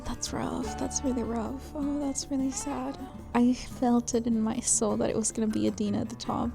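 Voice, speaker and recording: Woman, book vlogger, fairly high voice, gravelly edge, emotional reactions, swearing, rambling asides. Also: flat delivery, moderate pace, music in the background. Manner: emotional, exclaiming and swearing at plot twists; rambling, thinks aloud with many fillers. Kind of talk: casual reading reaction vlog.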